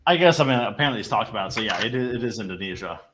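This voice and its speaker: A man's voice: fairly low pitch, lively intonation, racing, fairly bright tone, a little hiss or hum. Chatty young man hosting a livestream. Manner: rambling, chatty, laughs easily. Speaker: livestream host. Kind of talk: casual livestream chat.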